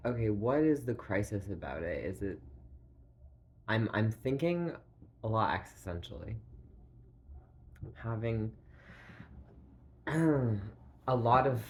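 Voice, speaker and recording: A man with a very low voice drifts slowly through a philosophical monologue, leaning on filler words and pausing mid-thought. He clears his throat now and then as he searches for words. A faint hiss of noise sits under the recording. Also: a little mellow. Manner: meandering, full of "like", halting pauses and throat clearing.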